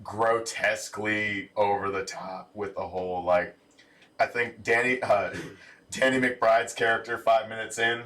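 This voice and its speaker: A man co-hosting a podcast, retelling TV scenes in an animated, laughing casual chat. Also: on the low side, measured pace, distant mic. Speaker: podcast co-host.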